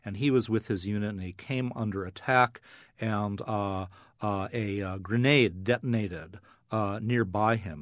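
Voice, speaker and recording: A middle-aged man, a neuroscience professor, explaining on a radio interview with frequent "uh" fillers and animated emphasis. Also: fairly low pitch, dry recording, clean studio sound.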